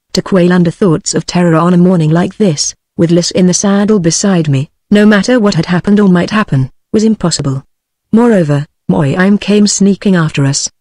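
British TTS woman, audiobook narrator, even delivery, dry close sound. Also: fairly low pitch, no echo. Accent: British English.

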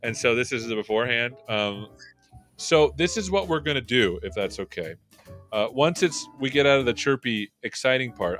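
A man's voice: on the low side, fairly bright tone. A man hosting a live tech show, chatting playfully and joking with his guest before and during the intro. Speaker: show host. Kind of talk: livestream chat and hosting.

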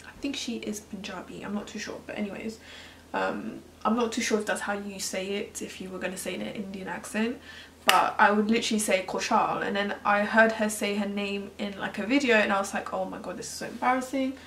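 A woman's voice: medium pitch, little pitch movement, brisk, fairly bright tone. A young woman vlogging her makeup in a chatty, casual way while commenting on a tutorial. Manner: chatty, comments on a video as she goes. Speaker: beauty vlogger. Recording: echoey room, distant mic, faint noise.

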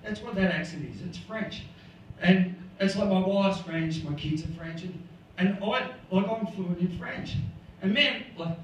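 A man's voice: sits high, a little slow, hardly any pauses, muffled recording. A man with an Australian accent doing a rambling stand-up set, laughing at his own jokes. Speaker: stand-up comedian. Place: comedy club stage. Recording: echoey room, far mic, noisy.

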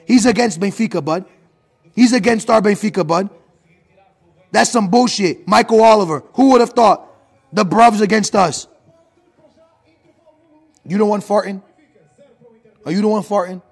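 A man's voice: high voice, moderate pace, vocal fry, long pauses, breathy edge. A man reacting live to a football match, ranting and swearing at the referee on screen. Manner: ranting, profane, talks at the screen.

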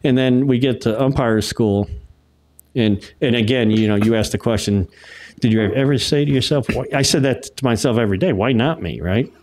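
A man's voice: medium pitch, fairly quick. A middle-aged man from Connecticut, a retired umpire, telling stories in a casual interview and acting out quotes. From Connecticut, United States. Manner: animated storyteller who acts out quotes. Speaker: retired baseball umpire, guest.

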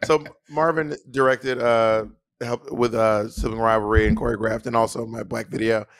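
A man co-hosting a casual podcast chat, blunt, profane and animated in how he talks. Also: medium pitch, normal speed, no echo. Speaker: co-host.

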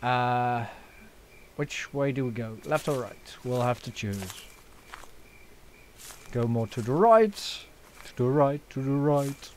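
A young gaming channel host jokes around, swears and fills his let's play with fillers. His medium-pitched voice is expressive but slow, with long pauses and slight background noise.

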